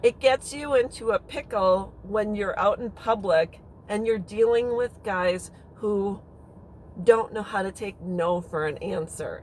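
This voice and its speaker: A woman's voice: mid-range voice, slight background noise, poor audio. A woman telling a personal story in a casual, rambling and frank way. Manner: chatty, rambling, frank with mild swearing. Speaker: vlogger.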